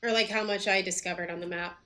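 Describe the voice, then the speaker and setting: A woman's voice: on the low side, fairly even intonation, quick pace, bright, forceful tone. A woman streaming a game, chatting casually and thinking aloud with lots of fillers. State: hiccups. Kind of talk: casual gameplay commentary.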